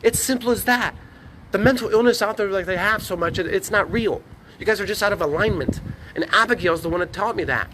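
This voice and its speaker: A man ranting in a rambling, profane, preachy vlog monologue, talking excitedly to his phone camera. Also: sits high, fairly quick, noisy background. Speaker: vlogger. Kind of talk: rambling selfie-video monologue. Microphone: phone on a tripod.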